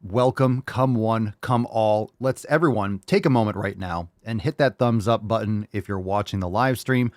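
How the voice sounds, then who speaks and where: A man with a lowish voice hosts a live-streamed podcast, loud and hyped with plenty of profanity and crowd-rallying shouts. He is recorded dry and close to the mic. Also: moderate pace, few pauses, no room sound. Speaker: podcast host. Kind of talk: casual live-stream show intro.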